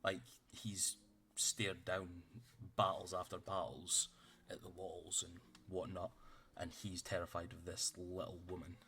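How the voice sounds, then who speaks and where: A man's voice: deep voice, little pitch movement, a little slow, few pauses, bright, forceful tone. A man running a tabletop game as game master, narrating loosely with lots of fillers and casual swearing.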